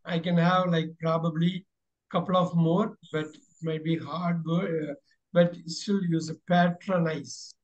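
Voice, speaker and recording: A man's voice: on the high side, steady tone, a little slow. A man teaching a class online, encouraging his students and repeating his instructions with many fillers. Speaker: English teacher. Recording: dull lo-fi recording.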